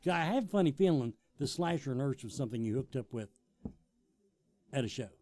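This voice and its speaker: A man's voice: medium pitch, expressive, brisk, warm tone, no room sound. A man hosting an interview show, joking with his guest and reading event plugs. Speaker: talk show host. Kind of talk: casual interview and promo reads.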